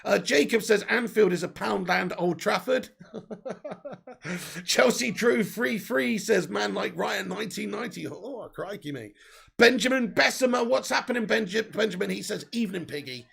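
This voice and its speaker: A man with a sore throat, hosting a live football watch-along and reading out viewer comments in an excitable way. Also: high-pitched, normal speed, vocal fry. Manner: excitable, swears, bursts into cheers.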